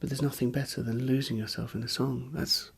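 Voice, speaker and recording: A man's voice: mid-range voice, fairly even intonation, fairly quick, gravelly, husky. A man, a musician, speaking in a candid interview, hesitant and searching for words, openly earnest and emotional.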